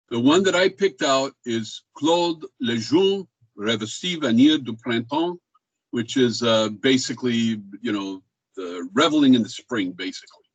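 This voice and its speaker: A male music history teacher lectures in a casual, rambling way, filling pauses with ums and uhs. He voices speech rhythms to make his points. The recording is dry and close, with little room sound. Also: mid-range voice, dry recording, rough recording.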